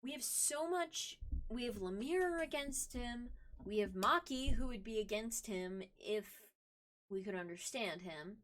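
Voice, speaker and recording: A woman's voice: a little high, lively intonation, measured pace, a bit bright. A woman streamer giving casual let's-play commentary, emotional and thinking aloud, swearing now and then. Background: game music.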